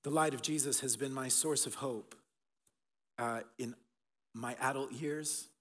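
A middle-aged man preaching an Easter sermon as pastor, swinging between loud emphatic bursts and soft, hushed passages. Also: mid-range voice, steady tone, measured pace. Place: church auditorium. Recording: long reverb of a large hall.

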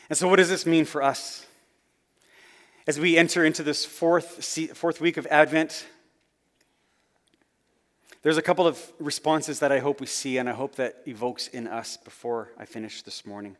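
Earnest male preacher with a mid-range voice delivering a sermon; long reverb from a large hall. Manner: earnest, rising then dropping to soft low phrase endings. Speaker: pastor.

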